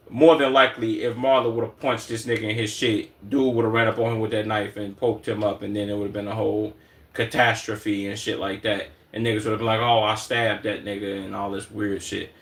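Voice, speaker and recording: A man's voice: on the low side, a bit bright, distant mic. A man from Chicago giving blunt, profane live reaction commentary as a streamer, repeating words as he talks.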